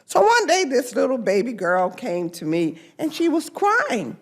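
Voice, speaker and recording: Older woman legislator, high lively voice, slow emphatic delivery at a press event. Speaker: congresswoman. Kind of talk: press conference speech.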